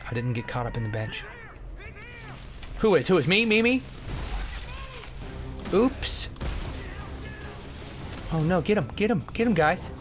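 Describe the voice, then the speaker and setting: Goofy, animated man commentating gameplay. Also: fairly high pitch, a little slow, pauses often, soft background music. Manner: goofy, joking, bursts into shouts. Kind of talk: let's play commentary.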